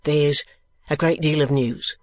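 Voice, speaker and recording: A man voicing an excitable, eccentric middle-aged male clerk in an audiobook who talks in a stammering, fluttering rush. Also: high voice, unhurried, breathy edge, voice pushed up, full character voice. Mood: excited. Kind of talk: audiobook character voice.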